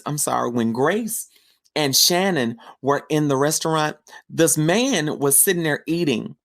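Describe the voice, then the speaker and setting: A podcast host giving a casual, chatty film review recap, telling the story with slangy asides. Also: medium pitch.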